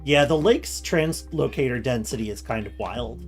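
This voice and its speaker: Lively-pitched laughing game streamer. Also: soft background music. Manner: laughs often, quotes lines in quick asides. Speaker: streamer playing a survival game. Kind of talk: casual gaming chat.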